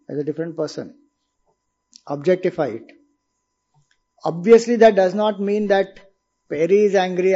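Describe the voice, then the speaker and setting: A man's voice: a little high, warm tone, dull audio. A man with an Indian accent giving a spiritual discourse, explaining patiently and asking his listeners questions. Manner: explanatory, asks rhetorical questions. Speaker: spiritual teacher.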